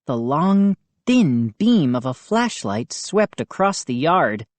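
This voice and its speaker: A woman narrating a children's horror audiobook in a measured storytelling manner. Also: deep voice, big pitch swings, a little mellow, no echo. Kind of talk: audiobook reading.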